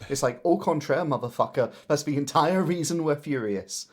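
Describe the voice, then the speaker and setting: A man's voice: on the high side, animated, a little fast, hardly any pauses, breathy edge. A man co-hosting a podcast, ranting in a sarcastic, sweary way during casual chat. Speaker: podcast co-host.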